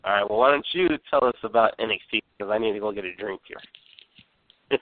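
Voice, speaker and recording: A man's voice: fairly low pitch, normal speed. A man hosting a podcast, chatting casually while ranting, rambling and swearing constantly. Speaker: podcast host. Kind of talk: profane casual chat. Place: San Antonio. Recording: phone-line call-in sound.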